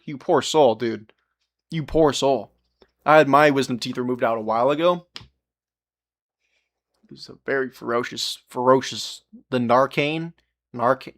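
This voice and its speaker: A young man with an average-pitched voice chats loosely with his stream while he solders. He rambles, swears freely and laughs at himself, and his voice drifts away from the mic as he leans over the work. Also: a bit bright. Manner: talks to chat while working, often turned away from the mic. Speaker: livestreamer. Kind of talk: casual live-stream chat while soldering.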